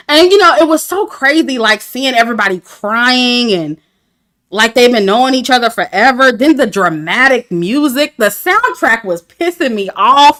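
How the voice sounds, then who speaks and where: A woman with a slightly high, bright, forceful voice talks in an animated but unhurried way. She's a reality TV commentator on a casual review livestream, chatting to her viewers about a dating show, candid and laughing often.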